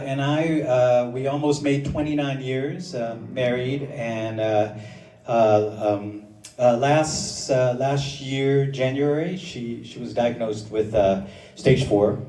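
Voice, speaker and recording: A middle-aged man telling a personal story at an open mic, halting and full of fillers, mixing grief with self-mocking humor. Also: medium pitch, mellow. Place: underground performance venue on a live stage. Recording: roomy, distant live room with crowd. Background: audience laughing.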